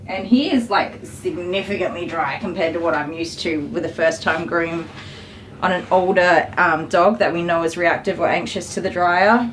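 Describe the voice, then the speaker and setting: A woman's voice: on the low side, normal speed, reverberant, far from the mic, a little hiss or hum, low-quality recording. A woman dog groomer with a cold, chatting through her work on a live stream and cooing to the dog now and then. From Australia. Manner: chatty, explains as she works, coos to the dog. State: has a cold, short of breath. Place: grooming salon.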